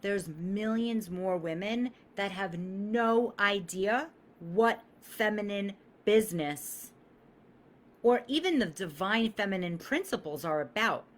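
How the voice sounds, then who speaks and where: A woman's voice: medium pitch, lively intonation, takes it slowly. A woman in her thirties, a business coach on a live stream, talking emphatically, swearing freely and acting out the voices she quotes.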